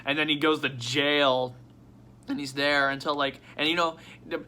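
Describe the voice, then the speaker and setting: A man vlogging casually at his desk, rambling and excitable with frequent swearing and restarts. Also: a little high, moderate pace, slight background noise. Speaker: toy unboxing vlogger.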